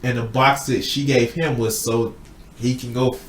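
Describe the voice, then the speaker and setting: A man with a medium-pitched voice hosts a casual podcast chat, speaking a little slowly as he retells a film plot. He's animated and swears constantly, acting out lines of dialogue. There's reverb and a faint hiss or hum.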